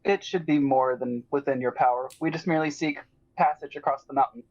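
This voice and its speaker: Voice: medium pitch, fairly even intonation, fairly quick, a little mellow, lo-fi sound, close to an everyday voice. A player voicing a poised noble lady adventurer, speaking in formal, courtly tones.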